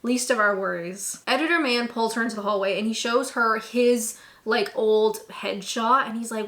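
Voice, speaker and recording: A young woman talks through a movie recap in a sharp, sarcastic tone. Her voice is bright and crisp and sits a little high. Everything she says comes out with snark. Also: moderate pace, few pauses. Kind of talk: casual comedic movie recap.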